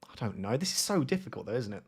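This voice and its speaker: A man's voice: medium pitch, very animated, fast, slightly rough. A young man streaming live, rambling and thinking aloud with lots of fillers and self-mocking asides as he guesses places on a map. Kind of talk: casual live-stream commentary while playing a map guessing game.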